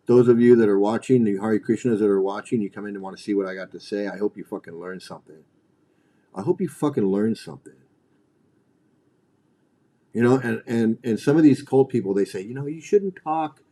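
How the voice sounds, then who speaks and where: A man's voice: medium pitch, mellow. A middle-aged man hosting a livestream, ranting bluntly and profanely, often repeating and restarting his phrases. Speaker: livestream host.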